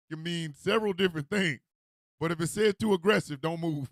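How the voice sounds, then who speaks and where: A male radio host delivering an animated, comedic rant with frequent laughter. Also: a little high, a little fast, dry recording, studio quality. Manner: animated, loud, laughs often, acts out street calls.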